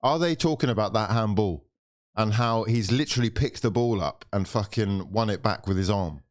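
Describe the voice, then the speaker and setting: A young man hosts a live football watchalong, exasperated and swearing nonstop as he rants at the players and referees. His voice is on the low side, and he talks at a moderate pace.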